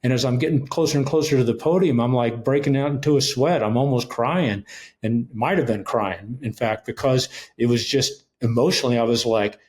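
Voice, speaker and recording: A man's voice: mid-range voice, brisk, darkish tone. A middle-aged man, a ministry leader and interview guest, earnestly telling his personal testimony and acting out the dialogue as he goes. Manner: earnest storyteller, retells events with quoted dialogue.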